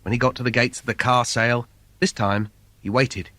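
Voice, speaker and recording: A man's voice: medium pitch, steady tone, normal speed, a bit bright, no room sound. A man reading a comic fairy tale for children in a playful, sing-song storyteller manner. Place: recording studio. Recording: dry studio recording.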